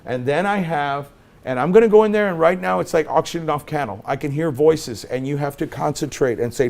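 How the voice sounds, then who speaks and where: A middle-aged man teaching a class as a lawyer, telling stories and acting out both sides of the conversations in an animated way. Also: a little high, fairly quick, vocal fry. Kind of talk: lecture with acted-out anecdotes.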